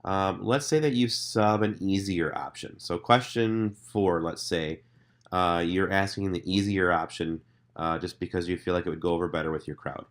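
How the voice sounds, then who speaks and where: A man's voice: low voice, normal speed. A man with a cold and a nasal voice, casually walking quiz hosts through a scoresheet with lots of ums and uhs. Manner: relaxed, filler-heavy, conversational. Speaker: staff member explaining a scoresheet to quiz hosts. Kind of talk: casual screen-recorded walkthrough.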